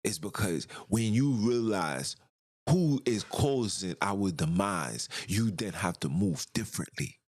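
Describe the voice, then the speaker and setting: A man's voice: fairly low pitch, lively intonation, slow pace, darkish tone. A man hosting a podcast, delivering an emphatic, ranting monologue full of rhetorical questions. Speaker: podcast host. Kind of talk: impassioned monologue.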